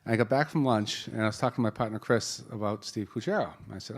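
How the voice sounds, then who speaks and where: A man's voice: on the low side, fast talker, few pauses. Joking Boston-accented man moderating a panel. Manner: jokey, lively, rambling with many restarts. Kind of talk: introducing a panel at a live event. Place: conference hall panel.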